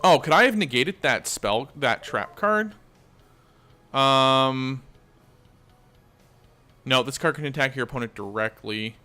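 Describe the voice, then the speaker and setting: A man's voice: medium pitch, lively intonation, slow pace, long pauses, pushed and bright, faint music behind. A man hosting a gaming channel, chatting casually and thinking aloud as he plays. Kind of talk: casual let's-play commentary.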